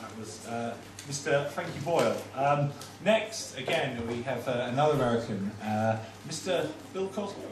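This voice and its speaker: A young man compering stand-up comedy in a deadpan, halting way, full of fillers. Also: medium pitch, far from the mic. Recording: echoey bar heard from afar, noisy.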